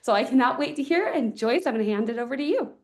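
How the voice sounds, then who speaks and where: A woman's voice: high-pitched, lively intonation, fast. This is a woman hosting an online training session. She talks in an upbeat, casual way as she introduces a guest speaker. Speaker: session host.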